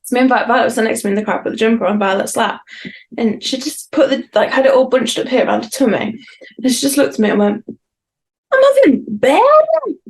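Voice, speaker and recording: A woman co-hosts a podcast in a fairly high-pitched voice, speaking fast with fairly even intonation. In this casual chat she rambles through funny stories with self-mocking humour.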